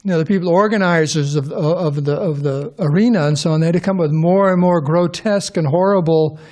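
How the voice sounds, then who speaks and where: A man's voice: fairly high pitch, fairly quick, darkish tone. A middle-aged man giving an informal scripture class to a live audience in a temple hall, rambling, restarting sentences and tossing questions to the listeners.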